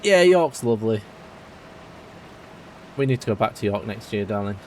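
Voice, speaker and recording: A man's voice: fairly low pitch, lively intonation, normal speed, long pauses, slight background noise. Chatty British man streaming a game. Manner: rambling and chatty, answering viewers. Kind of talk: casual live-stream chat while playing.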